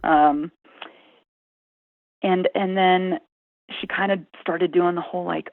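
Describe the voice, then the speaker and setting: A woman's voice: lowish voice, moderate pace, long pauses, no room sound. A woman, an emergency room nurse, telling stories in a casual conversation and laughing often. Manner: laughs often, animated storytelling. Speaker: ER nurse guest. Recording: phone-like remote audio.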